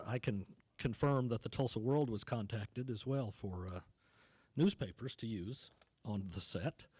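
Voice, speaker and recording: Male moderator at a cinema event; mellow tone, measured with hesitations, dry close sound. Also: mid-range voice, dry recording. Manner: measured, with frequent uhs and restarts. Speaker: moderator and film critic. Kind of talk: onstage interview questions. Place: cinema stage before an audience.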